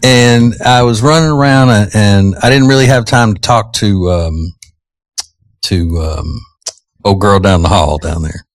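A man's voice: lowish voice, a little slow, no room sound. A male radio host in casual morning-show chat, joking about himself and chuckling often, on a studio microphone.

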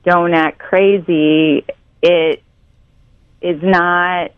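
A woman on a radio call, laughing often and gently insisting that her partner change. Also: on the low side, steady tone, drawn-out words, smooth, no room sound, phone-quality sound. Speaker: caller's partner on a radio prank segment. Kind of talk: on-air phone conversation.

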